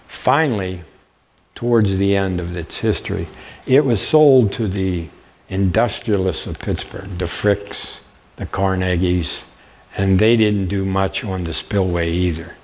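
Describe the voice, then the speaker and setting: A man's voice: deep voice, darkish tone. An older man giving a public history lecture with slides, telling stories folksily and often checking in with his audience. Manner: folksy storyteller, checks in with "okay?". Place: warm lecture room.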